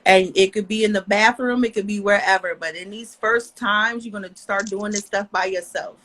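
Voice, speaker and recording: A woman guest in a casual podcast chat, animated and confident. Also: mid-range voice, moderate pace, slight background noise, rough recording.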